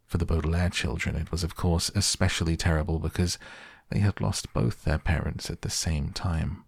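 A man reading a children's novel aloud as audiobook narrator, in a measured storytelling manner. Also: low voice, vocal fry, slightly rough, no echo, studio quality. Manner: measured storytelling with quoted dialogue in near-own voice.

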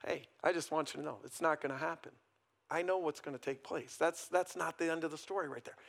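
A man with a rather high voice delivers a morning sermon in a conversational, questioning way. He leans on tag questions and lets his voice swell and then fall to a hush to drive home a point. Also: fast talker, gravelly. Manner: conversational preaching, frequent "right?" tag questions. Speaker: pastor.

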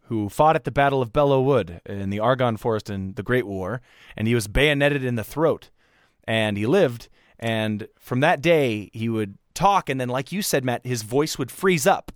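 A man in a casual podcast chat, talking haltingly with many restarts and fillers. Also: mid-range voice, no room sound, studio quality. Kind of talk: casual chat about voicing game characters.

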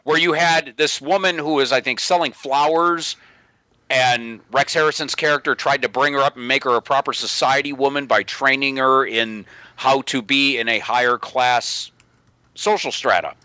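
Guy rambling on a podcast panel, bright voice, keeps fixing what he just said. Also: medium pitch, steady tone, moderate pace, dry recording. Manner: rambling, corrects himself mid-thought. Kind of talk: casual panel chat.

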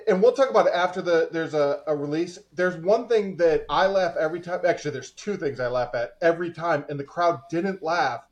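A man in casual podcast chat, relaxed and a bit hesitant, pausing on fillers. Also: fairly high pitch.

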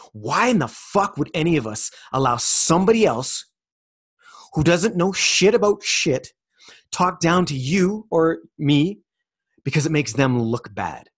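A man's voice: medium pitch, husky. Profane, fired-up spiritual vlogger man. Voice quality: loose and rambling, with restarts. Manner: emphatic and profane, with repeated rhetorical questions. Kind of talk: spiritual self-help monologue.

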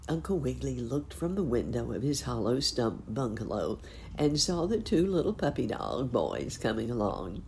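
A woman reading a children's storybook aloud in a gentle, expressive way. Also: a bass voice, moderate pace, slight background noise.

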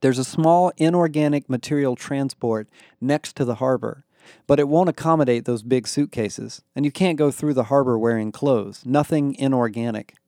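A man voicing a calm, matter-of-fact male alien guide who explains things plainly. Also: medium pitch, moderate pace, no room sound, studio quality, natural voice.

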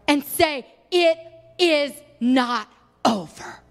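A young woman delivers an impassioned sermon in a high, bright voice. She swings from loud, drawn-out peaks to soft, quiet drops. The sound rings out with a long hall reverb. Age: young adult. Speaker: preacher.

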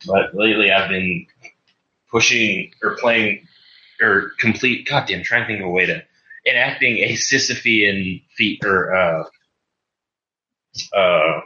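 Casual podcast guest, male, bright tense voice, rambling delivery, echoey and muffled remote audio. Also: lowish voice, unhurried, long pauses. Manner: rambling, self-correcting. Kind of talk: casual chat.

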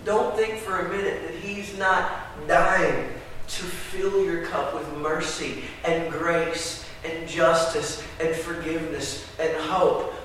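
A pastor preaching a sermon, swinging from loud emphatic outbursts to quiet, earnest talk. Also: male voice, fairly high pitch. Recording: echoey hall from far off with background noise.

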